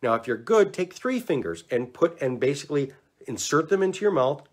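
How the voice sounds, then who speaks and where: A man giving relaxed, chatty instructions on neck exercises, talking to the camera and demonstrating as he goes. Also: a little high, brisk. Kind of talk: casual instructional talk to camera.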